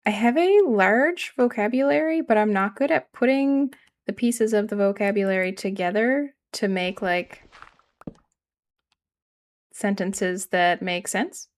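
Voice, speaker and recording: A woman's voice: medium pitch, unhurried. Canadian woman streamer, regional accent, rambling and self-mocking, mid-range voice. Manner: rambling, self-deprecating, answers chat. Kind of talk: casual live-stream chat while gaming.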